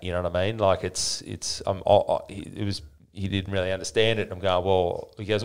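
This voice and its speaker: A man, a podcast guest telling a story in a rambling, animated way with many restarts. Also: sits low, fairly quick, hardly any pauses, smooth. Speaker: podcast guest, fitness business owner. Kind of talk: casual interview storytelling.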